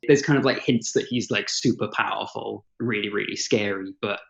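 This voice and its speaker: A man's voice: fairly low pitch, normal speed, gravelly, fairly bright tone, lo-fi sound. A man talking hesitantly as a guest on a casual podcast chat, often stammering and laughing shyly. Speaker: podcast guest, dungeon master.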